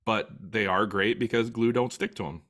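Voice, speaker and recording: A man's voice: fairly low pitch, normal speed, a bit bright. A man hosting a podcast in casual chat, easygoing and offhand. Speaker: podcast host.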